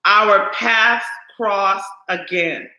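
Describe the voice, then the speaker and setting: Woman, animated storyteller, bright voice, echoey room. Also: mid-range voice, very slow, dull audio. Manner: animated, acts out quoted lines. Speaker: co-host. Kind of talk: storytelling in casual chat. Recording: roomy echo.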